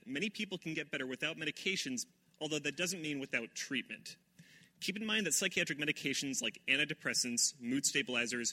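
A man who is a psychiatrist, giving a measured, explanatory prepared talk. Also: medium pitch, pushed and bright.

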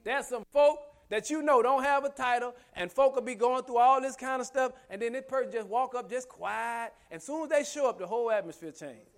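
A man's voice: extremely high pitch, fairly quick, few pauses. A man preaching a sermon with emphatic rhetorical questions and humorous asides. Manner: humorous asides, laughs often.

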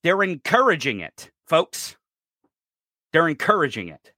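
Furious podcast host, male, profane shouting rant, bright edgy voice. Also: on the high side, huge pitch swings, measured pace, no echo, clean studio sound. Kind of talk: political rant.

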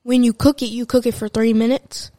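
A woman's voice: fairly high pitch, flat delivery, brisk, warm tone, no echo. A young girl co-hosting a casual family podcast with her dad, explaining things matter-of-factly. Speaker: podcast co-host, daughter.

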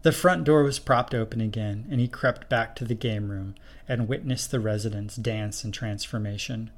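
A man narrating a spooky short story in a steady, measured reading voice. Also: fairly low pitch.

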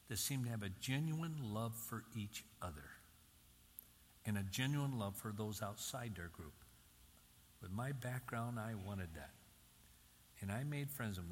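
An older man from Michigan, a Christian speaker, gives an emphatic sermon-style talk, repeating key phrases with rising intensity. His voice is mid-range, with slight background noise. The recording has the reverberant sound of a hall with faint ambience.

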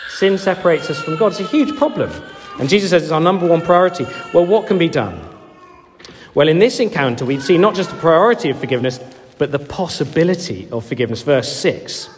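A vicar preaches with a lively voice that leaps up and down as he acts out the voices of people in the story. His voice sits fairly high for a man. The church gives it a long, echoing reverb. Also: brisk. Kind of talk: sermon.

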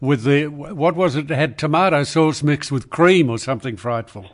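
Older aussie radio host, firm but kind with callers, bit gruff. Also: male voice, a little high, normal speed. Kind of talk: talkback radio chat.

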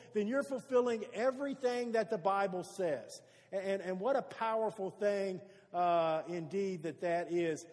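A man's voice: high-pitched, a little mellow, in a large hall. A man preaching a sermon as pastor, earnest and stacking repeated phrases for emphasis.

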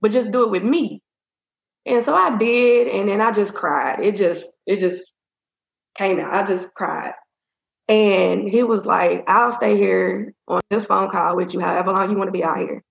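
A woman's voice: medium pitch, moderate pace, creaky. A woman in an interview, speaking candidly and rambling through a personal story with lots of fillers. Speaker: interview guest. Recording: roomy, dull-sounding audio.

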